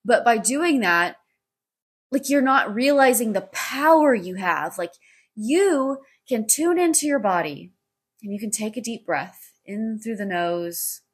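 Husky woman rambling on a podcast. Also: fairly high pitch, expressive, a little slow. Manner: rambling, heavy on filler "like", frequent swearing. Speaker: podcast host. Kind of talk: solo podcast monologue.

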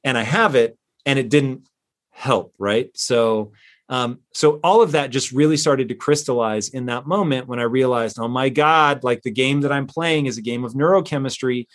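A middle-aged man as a podcast guest, telling a personal story in an emphatic, animated way and swearing now and then. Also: mid-range voice, moderate pace.

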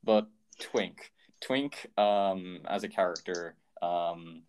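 A man's voice: low voice, fairly even intonation, takes it slowly, a little mellow, clear, resonant tone. A man hosting a casual podcast chat, talking loosely with frequent ums and laughs. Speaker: podcast host.

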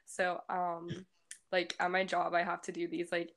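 A young woman with a Pittsburgh accent tells stories in a loose, chatty way, packed with fillers. Her voice sits a little low and has a gravelly fry to it. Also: monotone, unhurried, fairly bright tone. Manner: chatty storyteller, many fillers, frequent laughs. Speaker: podcast co-host. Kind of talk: casual chat.

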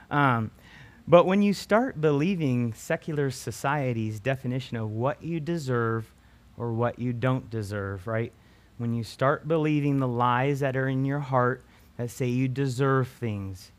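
In a medium-pitched voice and at a measured pace, a man walks students through a Bible passage in a casual, conversational sermon. He frequently restarts his phrasing and keeps adding "right?" to the ends of his sentences.

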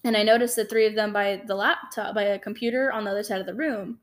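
A young woman co-hosting a podcast, telling a personal story in a casual, animated way. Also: medium pitch, quick pace. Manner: animated, lively retelling with acted-out quotes. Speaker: podcast co-host.

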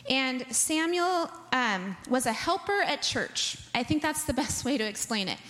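Lady pastor preaching, kinda high voice, chatty and funny, church hall echo. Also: very animated, measured pace, a bit bright. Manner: conversational, storytelling with humor. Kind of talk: sermon. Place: church sanctuary. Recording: long hall reverb.

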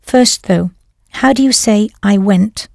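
A woman's voice: medium pitch, slow pace, creaky, no echo, studio quality. A woman narrating a scripted audio language lesson, patiently prompting the learner and then confirming each answer. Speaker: language teacher.

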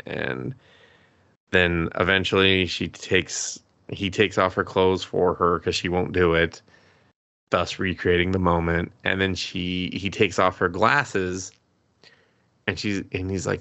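A man with a very low, gravelly voice rambles through an anime plot recap on a podcast, chuckling and cursing as he goes. His voice is dry and close, with a dull, lo-fi sound. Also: steady tone, unhurried, sharp tone, no echo. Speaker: podcast co-host. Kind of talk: casual anime review chat.

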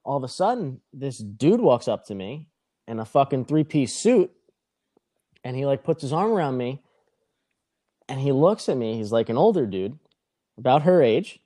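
At a moderate pace with long pauses, a young man speaking in a mid-range voice rambles through a profane story in a casual podcast conversation. His retelling is animated, voicing the other people's lines.

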